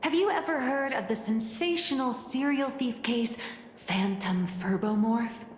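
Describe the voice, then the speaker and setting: A woman's voice: fairly high pitch, unhurried, slight background noise, close to an everyday voice. A woman playing a smug, theatrical magazine founder in a video game cutscene. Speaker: editor-in-chief. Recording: roomy reverb with game music.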